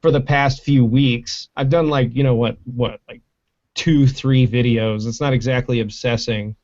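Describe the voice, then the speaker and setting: A man hosting a casual livestream through a desk mic and mixer, talking in a profane, rambling, animated way. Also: medium pitch, unhurried. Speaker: livestream host. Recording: dull lo-fi stream mic.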